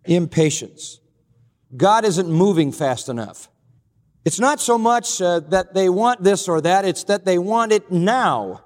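A man preaching a sermon in an earnest, emphatic way, working through slow lists of points. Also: sits high, expressive, long reverb tail. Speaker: pastor.

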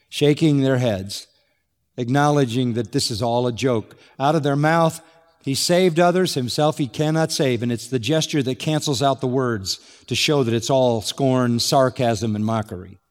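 A man's voice: mid-range voice, measured pace, big-room sound. A man preaching an expository sermon, emphatic and building to exclamation on key points. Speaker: pastor.

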